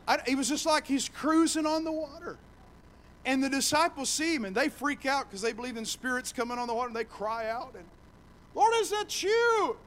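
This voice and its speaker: Man, pastor, lively sermon, high voice, faint background hiss. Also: fairly quick, rough recording. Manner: animated storytelling, acts out voices, builds to shouting. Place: church sanctuary.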